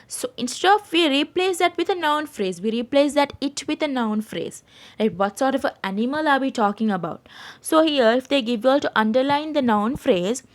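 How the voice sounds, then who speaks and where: A woman's voice: high voice, expressive, moderate pace. A woman from Sri Lanka teaching an English grammar lesson online, explaining step by step and checking in with "right?" after each point. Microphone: screen-share voice recording.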